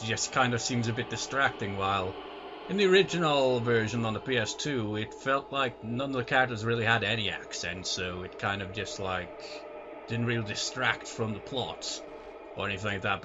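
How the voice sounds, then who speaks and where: A man's voice: medium pitch, expressive, moderate pace. Rambling American guy narrating a game. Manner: rambling, full of "like" and "uh". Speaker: let's play host. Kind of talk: casual gameplay commentary. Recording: dull lo-fi mic with clear noise.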